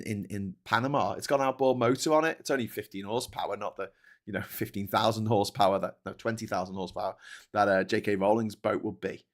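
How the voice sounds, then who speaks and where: A man hosting a livestream, reading viewer comments and ranting with heavy swearing and frequent laughter. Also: mid-range voice. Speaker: host. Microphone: desk microphone.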